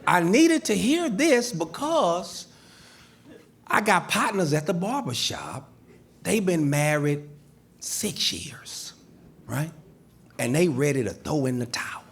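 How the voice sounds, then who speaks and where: A middle-aged man with a slightly rough, mid-range voice does stand-up comedy on stage for a live audience. He brings his stories to life animatedly, acting out the people he quotes.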